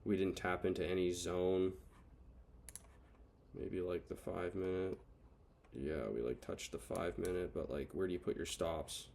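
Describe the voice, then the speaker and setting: A man's voice: sits low, steady tone, unhurried, gravelly, darkish tone, slight background noise. A man recapping his day trades over charts, frustrated and swearing as he thinks aloud. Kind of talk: casual screen-recorded trade recap.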